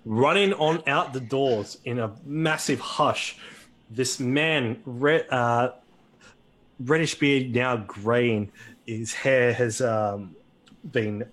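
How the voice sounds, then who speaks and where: Brief: hesitant male game master narrating a tabletop game, slow and husky. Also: medium pitch, a bit bright. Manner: hesitant, many fillers.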